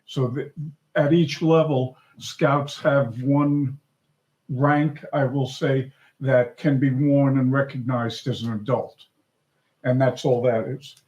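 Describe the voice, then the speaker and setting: A man's voice: medium pitch, steady tone, slow pace, a little mellow, highs cut off. An older man, a scout leader guest, explaining things in a laid-back, self-mocking way during a casual chat.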